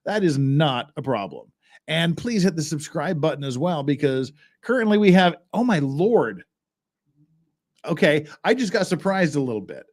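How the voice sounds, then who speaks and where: A man's voice: a little high, darkish tone. A man hosting a livestream, chatting casually and thinking aloud as he goes through documents. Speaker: livestream host.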